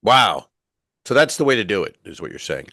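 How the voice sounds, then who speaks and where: A man's voice: fairly low pitch, sing-song, a little fast, bright, forceful tone, no echo. A middle-aged man, a stand-up comedian co-hosting a podcast, telling rambling, profane stories and acting out the people in them. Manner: rambling, profane storyteller who acts out quotes. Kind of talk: casual comedic chat. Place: cruise ship cabin.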